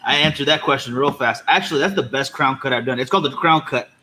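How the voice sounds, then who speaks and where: A man's voice: medium pitch, fast, pushed and bright, slight background noise, low-quality recording. A man co-hosting a podcast in casual chat, upbeat and teasing as he talks. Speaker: podcast co-host.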